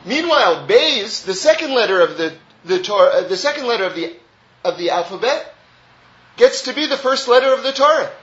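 A man's voice: very high-pitched, sing-song, a little fast, fairly bright tone, roomy sound, dull audio. A man teaching a Torah class, earnest and repeating phrases to drive key points home.

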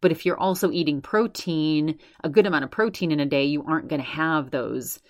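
Woman, podcast host, low voice, dry recording, casual retelling. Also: fairly quick, no room sound. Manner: retells others' words with constant "she's like". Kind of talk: casual recap chat.

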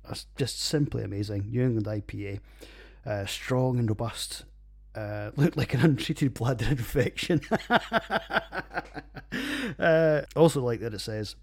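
A Scottish man rambles through his own podcast with a husky, breathy edge to his mid-pitched voice. He's loose and jokey, swears freely and trails off into fillers. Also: darkish tone. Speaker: podcast host reviewing beers. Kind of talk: casual solo podcast chat.

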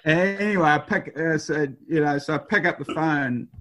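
A man's voice: a little high, moderate pace, a bit bright. A man in his fifties, a race skipper, telling stories in a rambling way with lots of fillers and restarts. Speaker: professional sailor, race skipper. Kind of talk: conversational storytelling.

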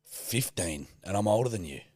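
Blokey Australian man, low voice. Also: lively intonation, moderate pace, a little mellow, no room sound, clean studio sound. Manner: blokey, swears freely, cracks puns. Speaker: podcast co-host. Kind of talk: casual banter.

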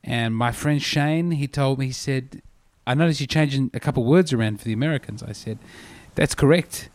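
A man's voice: mid-range voice, moderate pace, a little mellow, no echo. Rambling Australian man, dry self-mocking humour. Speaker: comedian podcast host. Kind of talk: rambling comedic podcast monologue.

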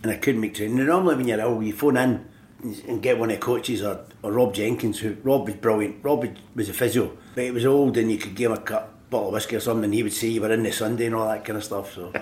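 A man's voice: on the low side, steady tone, fast, darkish tone, echoey room, slight background noise. An older man from Scotland with a Glaswegian accent, telling stories as an interview guest, often laughing and acting out other people's voices. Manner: laughing storyteller, acts out voices in quotes. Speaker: guest, former footballer. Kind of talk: anecdotal interview.

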